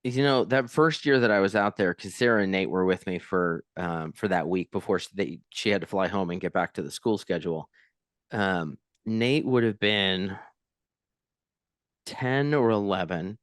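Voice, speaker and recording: A man with a Southern accent hosting a podcast, telling anecdotes in an animated, casual way. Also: deep voice, moderate pace, no echo, clean studio sound. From New Mexico. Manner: animated storyteller, laughs often. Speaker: podcast host. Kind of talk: casual interview chat.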